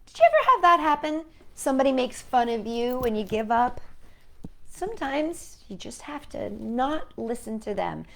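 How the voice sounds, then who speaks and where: A woman hosting a children's storytime, reading a storybook aloud in a gentle, expressive, child-directed way. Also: sits high, normal speed, gravelly, a little hiss or hum.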